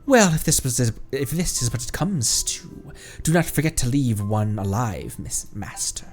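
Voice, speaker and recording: A man's voice: mid-range voice, very animated, measured pace, faint music behind. A man voicing an ancient spirit bound in a bottle who speaks in a courtly, archaic, theatrical way. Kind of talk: game dialogue read aloud on stream.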